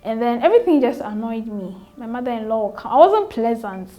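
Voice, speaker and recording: Earnest Ghanaian woman, higher voice. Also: very animated, fairly quick, mellow. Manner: earnest, repeats phrases, acts out remembered dialogue. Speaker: interview guest, new mother. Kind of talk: candid personal storytelling.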